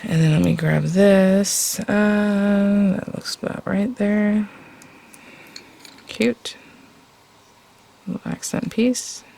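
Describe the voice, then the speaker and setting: Chatty woman with vocal fry, crafting tutorial. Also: medium pitch, steady tone, extremely slow, long pauses, warm tone, slight background noise. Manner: chatty, thinking aloud with frequent fillers. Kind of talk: casual step-by-step crafting tutorial.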